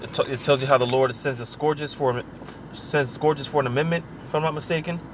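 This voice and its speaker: A man's voice: on the high side, steady tone. Casual man preaching over faint traffic. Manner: casual, repeats filler words like "man" and "you know"; reads scripture aloud slowly. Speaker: scripture teacher. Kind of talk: informal preaching.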